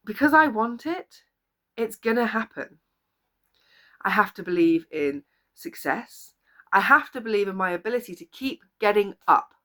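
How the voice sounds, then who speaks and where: An earnest woman coach speaking straight to the camera in a medium-pitched voice. She encourages her listeners warmly and repeats her key phrases to drive them home. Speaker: life coach. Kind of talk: motivational talk to camera. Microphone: camera or phone video.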